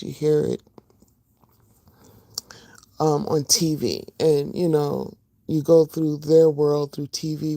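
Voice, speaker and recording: Gravelly-voiced woman chatting on a livestream. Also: sits low, dry recording, studio quality. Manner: chatty, warm greetings to viewers, many fillers. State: just woke up, voice rough. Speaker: livestream host. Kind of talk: casual livestream chat.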